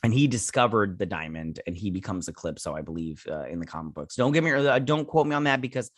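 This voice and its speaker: A man's voice: lowish voice, animated, quick pace, dry recording, studio quality. A man casually recapping and reviewing a TV episode, rambling through scenes with quoted lines and lots of fillers. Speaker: host.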